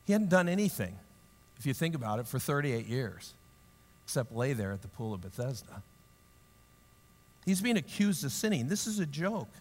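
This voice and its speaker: A man preaching a sermon in a lively, humorous way, acting out the story in voices and then dropping into quiet, earnest reflection. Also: normal speed, pauses often, big-room sound. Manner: drops to a low, quiet, earnest tone. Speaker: pastor.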